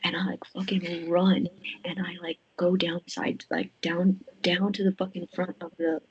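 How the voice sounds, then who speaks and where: A young woman on a casual podcast, her voice sitting a little low. She rambles through the story, packing it with fillers and swearing, and her excitement builds as she goes. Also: moderate pace, husky, highs cut off. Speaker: podcast guest. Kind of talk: casual chat.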